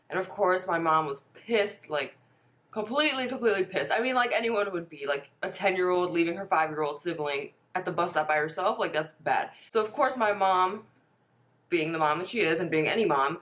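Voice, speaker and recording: A woman's voice: lowish voice, a bit bright. Chatty young woman telling a story. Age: 20s. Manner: chatty, swears casually, lots of "like". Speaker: vlogger. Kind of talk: casual storytelling.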